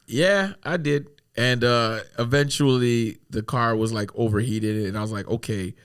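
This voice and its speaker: A man's voice: medium pitch, normal speed, clean tone. Laughing man telling a wild story. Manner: animated, laughs through his own story; swears freely. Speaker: podcast guest. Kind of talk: casual storytelling.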